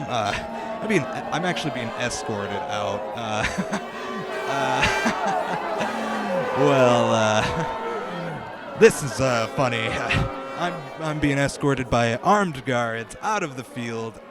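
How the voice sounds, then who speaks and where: A man's voice: medium pitch, expressive, unhurried. A young man hosting a comedy podcast, rambling through a bumbling, self-deprecating mock field report with the odd swear word.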